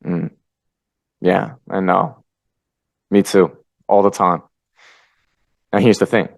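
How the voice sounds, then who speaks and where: A man hosting a motivational podcast, swinging between energetic pep-talk bursts and low, quiet asides. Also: takes it slowly, gravelly, dry recording. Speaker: podcast host. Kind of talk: motivational monologue.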